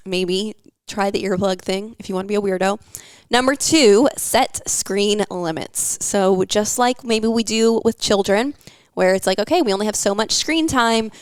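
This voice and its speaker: A woman's voice: medium pitch, dry recording. A young woman hosting a wellness podcast, talking casually with lots of fillers and an encouraging tone. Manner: chatty, filler-heavy, encouraging.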